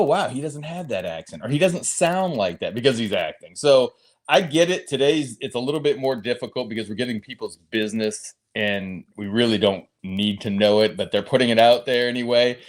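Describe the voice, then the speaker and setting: Male panelist, mid-pitched, measured and easygoing, quick to laugh. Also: animated. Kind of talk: casual chat.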